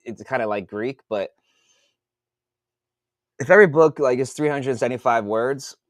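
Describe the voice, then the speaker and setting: A man who writes books, talking casually in a podcast monologue, swearing a lot and working out sums out loud. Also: mid-range voice, normal speed, no room sound, studio quality. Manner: profane, thinks aloud while doing math. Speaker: author.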